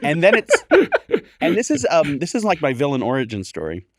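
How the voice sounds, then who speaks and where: A man's voice: fairly high pitch, huge pitch swings, brisk, dry recording, clean studio sound. A man telling a long story in a casual podcast chat, acting out the voices of people he quotes. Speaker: guest, clown performer.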